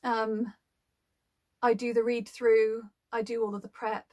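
A woman who works as an audiobook narrator explains her job to the camera in a casual, thoughtful way, saying um often. Her voice is fairly high and darkish in tone, with little pitch movement and a slightly slow pace.

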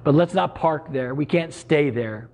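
A man's voice: fairly high pitch, measured pace, darkish tone. A middle-aged man preaching a sermon as pastor, earnest and conversational, with sudden emphatic rises.

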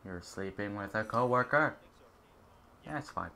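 A man's voice: fairly low pitch, lively intonation, unhurried, creaky, bright, forceful tone. A young man giving casual, jokey gameplay commentary and chatting at the game characters. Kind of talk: casual let's-play commentary.

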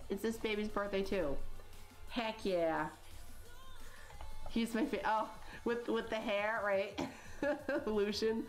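Woman in her thirties, casual gaming chat, rambling and chatty, mid-pitched voice, faint music underneath. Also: takes it slowly, pauses often. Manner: chatty, rambling, full of likes and you-knows. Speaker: gaming channel host. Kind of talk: casual chat while playing a life-sim game.

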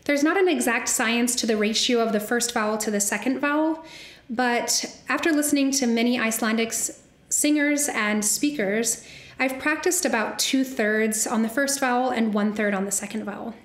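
A woman's voice: on the high side, normal speed, roomy sound. A young woman, a soprano, giving an academic lecture and carefully spelling out sounds as she explains.

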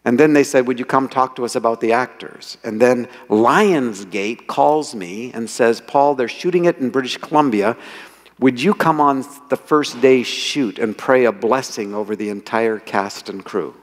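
A man telling lively anecdotes as the author speaking to an audience, quoting people as he goes. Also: mid-range voice, normal speed. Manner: animated storyteller, quotes people in voices. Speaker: author giving a talk. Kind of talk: storytelling talk. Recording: reverberant hall.

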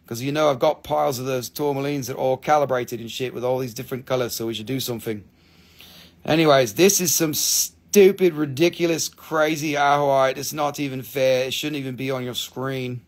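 A man hosts an easygoing live crystal sale, talking a little fast in a mid-range voice with fairly even intonation. He reads out what viewers comment and swears freely. Each time he shows items, he stops to count and name them.

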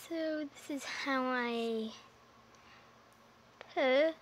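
A woman's voice: sits high, unhurried, a little hiss or hum. A woman in a casual vlog, rambling and hesitant as she demonstrates animal noises. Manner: rambling and hesitant, with restarts and apologies.

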